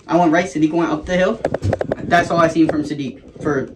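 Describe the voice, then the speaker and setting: A man's voice: on the high side, quick pace, a little hiss or hum. Profane young man telling a story. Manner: casual, profane, rambling with laughs. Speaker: vlogger. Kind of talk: casual storytime.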